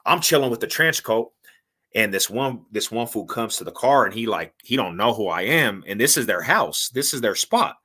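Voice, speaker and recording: Bright-voiced man telling a wild story. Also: on the low side, normal speed, breathy edge. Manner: animated, slangy, profane, acts out quotes. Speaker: podcast guest. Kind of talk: casual storytelling.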